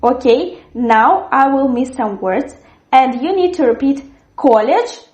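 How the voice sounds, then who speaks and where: A woman teaching a language lesson, articulating words clearly and repeating them for learners. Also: high-pitched, animated, measured pace, a little mellow, reverberant. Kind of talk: slow, careful language lesson.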